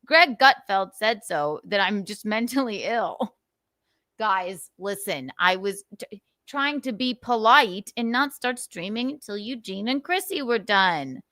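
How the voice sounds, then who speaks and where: A woman's voice: medium pitch, measured pace, no room sound, clean studio sound. A woman hosting a casual livestream, telling stories animatedly, swearing freely and laughing often. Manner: animated, profane and laughing storyteller. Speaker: livestream host.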